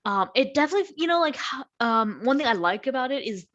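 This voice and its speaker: A woman's voice: sits high, animated, quick pace, a bit bright, muffled recording. A young adult woman chatting casually about her favorite authors, rambling with lots of fillers and restarts. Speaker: book vlogger and aspiring writer. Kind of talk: casual chat to camera.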